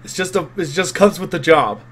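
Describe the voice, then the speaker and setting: A man's voice: fairly high pitch, a little fast, fairly bright tone. A man voicing a surly, contemptuous male ship's deckhand who growls his words. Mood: irritated.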